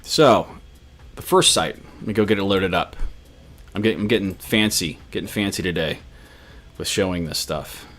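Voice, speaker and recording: Chatty deep-voiced man, rambling. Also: expressive, normal speed, fairly bright tone. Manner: rambling, chatty, talks to viewers directly. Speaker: running channel host. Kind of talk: casual livestream chat.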